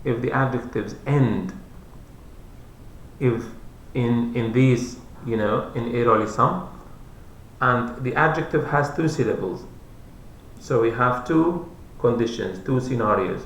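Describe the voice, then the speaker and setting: A man teaching English grammar, explaining slowly and repeating each rule and example. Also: mid-range voice, fairly bright tone, slight background noise. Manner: slow, repetitive, spells out letters. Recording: roomy echo.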